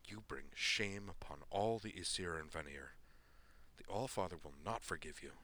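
A proud young god, put on by a man speaking in formal, earnest sentences. The voice stays low and firm, with a sharp edge, like a spoken storybook prince. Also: normal speed. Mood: stern.

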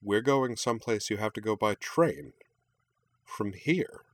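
A man's voice: fairly low pitch, unhurried, pitched above the performer's own voice. A man voicing a laconic teenage boy student in a storybook reading, terse and understated.

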